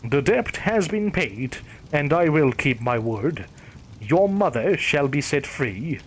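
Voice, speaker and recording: A man voicing a deep-voiced, sinister male demonic entity, speaking slowly and with menace, over faint background noise. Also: sing-song, breathy edge, full character voice, low-quality recording. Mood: solemn.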